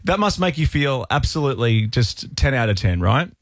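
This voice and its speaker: A man's voice: mid-range voice, big pitch swings, normal speed, no echo, studio quality. An Australian man hosting a radio interview, enthusiastic and jokey, gushing about the guest. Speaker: radio host.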